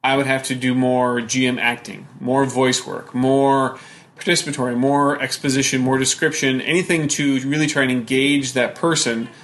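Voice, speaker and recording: A man thinking aloud in a halting, reflective way, often restarting his sentences. His voice sits in the middle range. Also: mid-range voice, flat delivery, a bit bright. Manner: hesitant, reflective. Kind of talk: casual chat.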